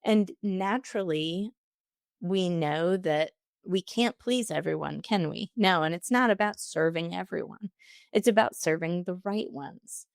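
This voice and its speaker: A woman's voice: lowish voice, a little slow, gravelly, no room sound, studio quality. A woman hosting a solo podcast, answering listener questions with upbeat, encouraging advice. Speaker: podcast host.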